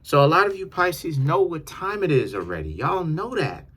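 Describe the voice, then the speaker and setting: A young man giving a casual, slangy tarot reading, animated and repetitive in his talk. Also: on the high side, moderate pace, slightly rough. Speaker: tarot reader. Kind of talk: casual monologue.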